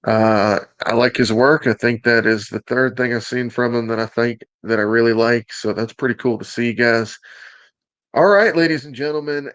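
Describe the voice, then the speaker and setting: A man's voice: medium pitch, fairly even intonation, normal speed, fairly bright tone, no echo. Upbeat Southern man hosting a show. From Alabama. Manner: joking, upbeat, teasing asides. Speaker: host. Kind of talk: casual show presentation.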